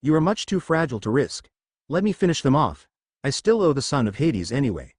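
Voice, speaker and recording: A man's voice: medium pitch, sing-song, fairly quick, husky, no echo. A scheming, hostile monster in disguise with a strange French accent, put on by a male storyteller. His voice rises and falls with real animation. The recording is dry and close, with no room sound. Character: villainous manticore man, French accent.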